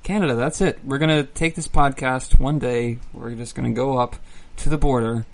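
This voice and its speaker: A man's voice: mid-range voice, steady tone, normal speed, gravelly. A young man co-hosting a podcast, talking in a rambling, joking way with many restarts. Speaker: podcast co-host. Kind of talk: casual chat.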